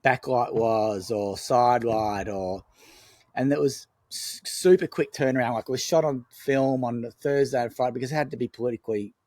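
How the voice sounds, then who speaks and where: A man's voice: mid-range voice, moderate pace, a little mellow, no room sound. A man, a film director telling rambling anecdotes in an interview. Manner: rambling, anecdotal, many fillers and restarts. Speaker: film director, podcast guest. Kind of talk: casual storytelling interview.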